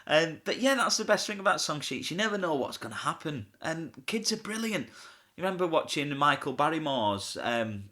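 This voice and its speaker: A man's voice: fairly high pitch, big pitch swings, normal speed, bright, forceful tone. A man, a pantomime comic telling stories in a casual interview, chatty and often laughing. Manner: chatty, laughs often, acts out quoted voices.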